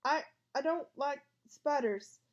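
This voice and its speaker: A woman voicing a gruff schoolboy who is tense and touchy about spiders. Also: high voice, moderate pace, a little mellow, dull audio, lightly acted.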